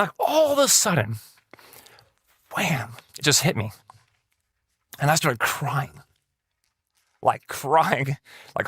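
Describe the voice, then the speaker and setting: Animated storytelling male pastor. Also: on the high side, no room sound, clean studio sound. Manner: conversational, animated quoting of others in raised voice. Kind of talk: personal storytelling sermon. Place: church setting.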